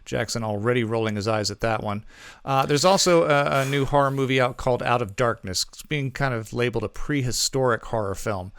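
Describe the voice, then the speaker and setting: A man co-hosting a film review podcast, talking loosely and correcting himself as he goes. His voice is smooth and resonant at a middle pitch. The recording is close and dry. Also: fairly quick, fairly bright tone, no echo. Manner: rambling, self-correcting, with frequent ums and asides. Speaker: podcast co-host reviewing movies. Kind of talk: casual movie review chat.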